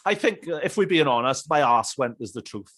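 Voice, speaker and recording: Male host, upper register, relaxed chatty interviewer. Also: a little high, fairly quick. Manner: chatty and reminiscing, laughs along. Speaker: podcast host. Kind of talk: casual interview chat.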